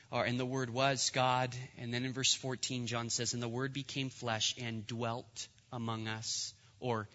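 A young male pastor preaching with a bright, forceful voice that rings through a long church reverb. His delivery is earnest and builds to emphatic peaks, and the recording sounds a little dull and lo-fi. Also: mid-range voice. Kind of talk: sermon.

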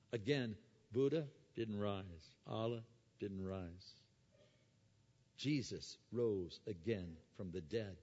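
A man preaching a sermon. He moves between quiet explanation and loud, emphatic preaching, and he asks the audience rhetorical questions. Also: lowish voice, slow pace, slightly rough. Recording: dull sound with long hall reverb.

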